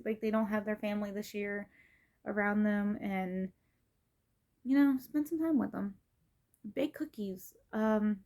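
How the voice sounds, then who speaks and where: A woman's voice: mid-range voice, a little mellow. A middle-aged woman vlogging in a casual, rambling way, with many fillers and restarts. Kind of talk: casual rambling vlog talk.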